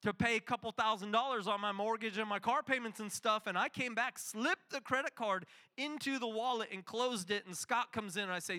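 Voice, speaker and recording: Bright high-voiced male preacher. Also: a little fast, few pauses. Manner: animated storytelling, acting out dialogue. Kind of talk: sermon with acted-out story.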